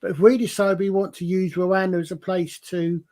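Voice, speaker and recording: A man from England with a high-pitched voice talks in a casual panel discussion. He is hesitant, stammers as he starts his points, and weighs each word before going on. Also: flat delivery, moderate pace, warm tone. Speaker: podcast panelist.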